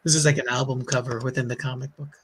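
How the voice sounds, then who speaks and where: A man's voice: medium pitch, quick pace, slightly rough. A man with a Bronx accent, a comic creator, chatting casually and telling rambling stories full of fillers. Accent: Bronx New York. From the Bronx, New York. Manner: rambling, animated storytelling with frequent fillers and laughs. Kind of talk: casual chat.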